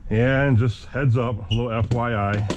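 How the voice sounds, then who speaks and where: A man's voice: medium pitch, fairly even intonation, normal speed. A man chatting casually to his viewers while packing his gear, jokey and easygoing. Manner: chatty, jokey, talks to viewers as guys and boys. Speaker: RC hobby vlogger. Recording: dull lo-fi audio with clear background noise.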